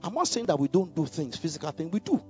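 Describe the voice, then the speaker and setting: A man preaching a sermon, building to loud emphatic bursts and checking in with the congregation. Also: very animated, quick pace. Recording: muffled low-fidelity recording with faint music.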